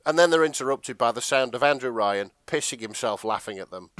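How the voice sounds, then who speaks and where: Laughing, animated male podcast host. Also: mid-range voice, fairly quick, no room sound. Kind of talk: comedic fanfic retelling.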